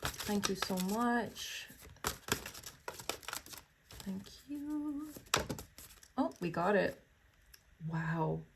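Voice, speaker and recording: A woman's voice: mid-range voice, big pitch swings, very slow, gravelly, pauses often, background noise. A woman giving a tarot reading, reading card texts aloud and chatting to viewers in a gushing, exclamatory way. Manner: gushing and exclamatory, full of wows and oh my goshes.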